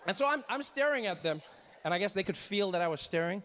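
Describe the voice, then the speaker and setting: A man's voice: a little high, fairly quick, slight background noise. A man doing stand-up, telling a story animatedly and acting out the scenes. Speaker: stand-up comedian.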